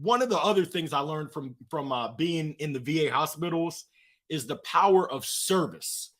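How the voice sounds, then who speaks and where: A middle-aged man with a fairly high voice tells stories with lots of energy. His pitch jumps around a great deal as he acts out the other people in his stories, in an animated, engaging way. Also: moderate pace. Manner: lively, acts out voices in anecdotes. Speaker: guest. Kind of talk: animated storytelling.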